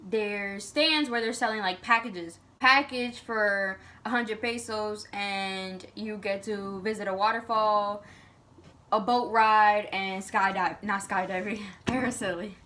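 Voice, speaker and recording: Bright chatty young woman vlogger. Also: mid-range voice, takes it slowly. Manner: chatty, filler-heavy, animated storytelling. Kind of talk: casual storytime.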